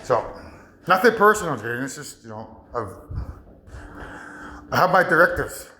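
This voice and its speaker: A man rambles through a monologue, stopping and restarting his sentences and breaking into laughs. His voice is high, bright and very lively. The recording has a roomy echo. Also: a little hiss or hum. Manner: halting, full of restarts, laughing often. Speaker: vlogger.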